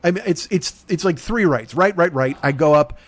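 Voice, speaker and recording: A man's voice: fairly high pitch, moderate pace. A man hosting a comedy podcast, telling an exasperated, profane story and acting out both sides of the conversations. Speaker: podcast host.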